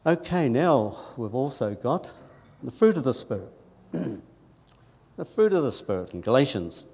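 A church hall's long reverb carries the medium-pitched voice of an earnest preacher. He gives his sermon conversationally, with quiet asides and rises of emphasis.

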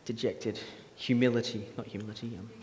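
A man's voice: mid-range voice, fairly even intonation, brisk, darkish tone. A man preaching a casual sermon in a church hall, chatty and jokey, quizzing the audience with questions. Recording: echoey hall with faint ambience.

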